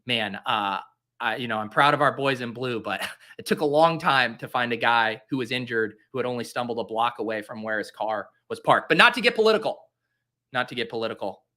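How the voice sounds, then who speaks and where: A man's voice: mid-range voice, steady tone, normal speed, sharp tone. A young man hosting a fantasy football show, chatting casually and theatrically mocking himself in exasperation. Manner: theatrical, exasperated self-mockery. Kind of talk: casual solo commentary while drafting.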